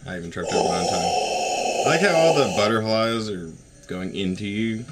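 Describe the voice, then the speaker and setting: A man's voice: on the low side, moderate pace, heavy background noise. A man with a sore, worn voice, chatting casually while commentating a video game. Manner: laughs easily, swears casually. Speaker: let's play commentator.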